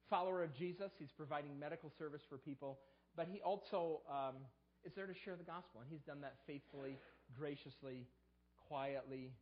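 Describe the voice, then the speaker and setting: Recorded in lo-fi sound, a pastor whose voice is on the high side preaches a sermon. He acts out the excuses people make, his voice springing up sharply for each one.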